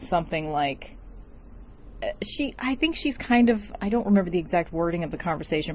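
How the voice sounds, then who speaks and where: A woman's voice: on the low side, a little mellow. A woman talking casually about a movie she watched, filling her talk with "like" and getting emotional. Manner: chatty, heavy use of "like", emotional. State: tearing up. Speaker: film reviewer. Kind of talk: casual film commentary.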